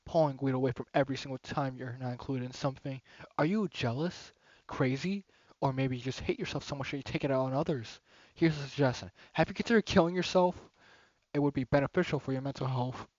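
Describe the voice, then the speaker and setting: A man voicing an obsessive, intense teenage girl, reading her lines low and soft in a dull, lo-fi recording. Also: fast, dry recording, natural voice. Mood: cutting.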